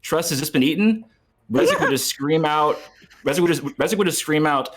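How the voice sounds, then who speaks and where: A man's voice: on the high side, fairly quick, fairly bright tone. A young man playing a tabletop game, talking earnestly and thinking aloud with restarts. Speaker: player.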